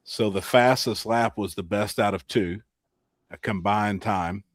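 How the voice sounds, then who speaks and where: A man hosting a casual podcast, telling racing-weekend stories with lively acted-out quotes and frequent laughter. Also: fairly low pitch, unhurried, no room sound. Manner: animated storyteller, laughs often, acts out quotes. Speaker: podcast host. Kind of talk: casual storytelling chat.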